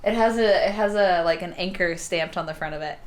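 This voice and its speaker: A woman in her thirties vlogging from a hotel room, chatty and openly emotional, talking to a camera sitting on her bed. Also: a little fast. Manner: chatty and openly emotional, voice swinging high when excited. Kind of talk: casual vlog chat.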